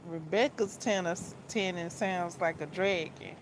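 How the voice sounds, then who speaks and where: A woman chatting casually on a book vlog, rambling and circling back to repeat herself. She talks at an unhurried, slow pace and laughs often. A faint hum of room ambience sits behind her voice. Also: fairly low pitch. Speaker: book vlogger. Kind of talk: casual chat.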